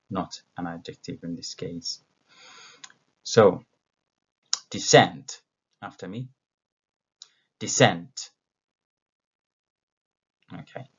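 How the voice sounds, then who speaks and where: Male English teacher from Ethiopia, very low gravelly voice, dull lo-fi recording, patient and halting. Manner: slow, patient, with many fillers and self-corrections. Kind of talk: recorded vocabulary lesson.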